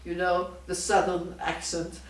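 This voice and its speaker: An older woman from Europe, a retired doctor, giving an oral history interview in slow, digressive, reflective stories. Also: lowish voice, completely flat delivery, recorded from a distance, a little hiss or hum. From Europe, France and Belgium. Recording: roomy echo, voice from off-mic.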